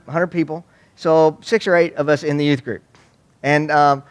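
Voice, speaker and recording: A man from Waco, giving a humorous storytelling talk on youth ministry to an audience. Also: on the high side. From Waco, Texas. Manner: folksy, joking, animated.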